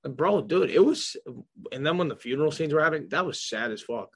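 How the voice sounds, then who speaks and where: A man's voice: on the high side, animated, quick pace, a bit bright, husky. A young man hosting a casual football podcast, joking and swearing loosely with his co-host. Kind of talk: casual sports chat.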